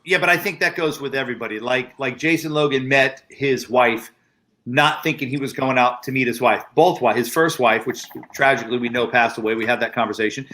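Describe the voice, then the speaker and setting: A man's voice: mid-range voice, fairly quick, bright, forceful tone. A man in his forties hosting a casual group chat, telling stories animatedly and laughing often. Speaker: podcast host.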